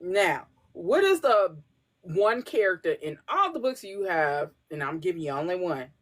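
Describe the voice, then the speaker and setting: A woman's voice: fairly low pitch, sing-song, normal speed. A woman hosting a podcast, asking questions in a casual interview. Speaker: podcast host.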